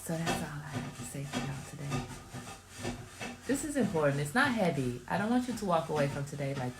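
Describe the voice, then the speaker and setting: Offering motherly advice to her viewers, this livestream host talks in a chatty, emphatic, casual way. Her low voice is very animated and fairly quick, and the room gives off a roomy echo.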